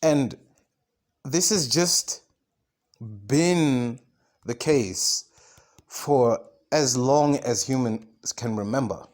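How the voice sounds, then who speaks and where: Man host, solo monologue: loose, profane, full of restarts and "right?", mid-pitched voice. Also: drawn-out words, long pauses, darkish tone. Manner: swearing, many fillers and restarts, asks "right?". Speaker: podcast host. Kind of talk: rambling monologue.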